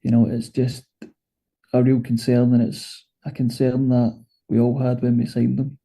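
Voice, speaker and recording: Dark-voiced Scottish man on a podcast. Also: medium pitch, little pitch movement, a little slow, vocal fry, breathy edge, poor audio. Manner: hesitant, many fillers and restarts. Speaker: podcast co-host. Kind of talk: casual football podcast chat.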